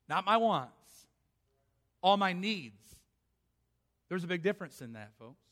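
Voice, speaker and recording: A man's voice: sits high, very animated, takes it slowly, a bit bright. A middle-aged man preaching a sermon as pastor, impassioned, often acting out the voices of the people in his story.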